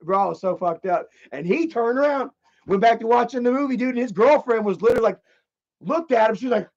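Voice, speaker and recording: A man streaming live, telling a story in a casual, rambling way, with lots of profanity and animated energy. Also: very high voice, fast. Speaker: livestreamer. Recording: slightly dull lo-fi stream audio.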